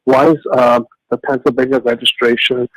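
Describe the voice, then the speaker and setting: A man's voice: mid-range voice, little pitch movement, moderate pace, no echo, poor audio. A man calling in to a radio show, rambling with constant "like, you know" fillers and stumbling restarts. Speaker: radio caller. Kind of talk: phone-in talk.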